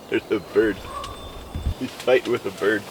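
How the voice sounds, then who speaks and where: A man's voice: on the low side, measured pace. A man talking casually and playfully to viewers while camping outdoors, recorded on a camera mic. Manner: chatty, playful, talks to viewers. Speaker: outdoor vlogger. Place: outdoor campsite in the mountains. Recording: outdoor ambience noise.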